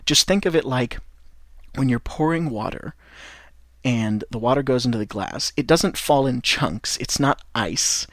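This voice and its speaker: Man, Midwestern American accent, encouraging podcast teacher, rambling with restarts, mid pitch, dry close mic. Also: expressive, a little slow, no room sound. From United States. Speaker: English teacher and podcast host. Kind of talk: podcast lesson for French learners.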